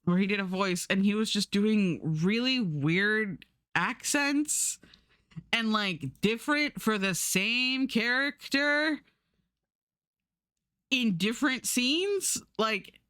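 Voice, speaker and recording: Casual woman streamer, rambling and giggly, mid pitch, dry close-miked sound. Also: animated, slow pace, a bit bright, no room sound. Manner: chatty, rambling, laughs often. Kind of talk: casual live-stream chat while drawing. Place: home streaming setup.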